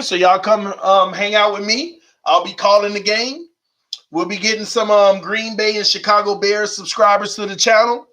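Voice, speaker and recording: Man, high voice, bright tone, casual fan vlog host, excitable, informal. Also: rough recording. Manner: excited, informal, talks to viewers as y'all. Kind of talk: casual vlog chat reading live comments.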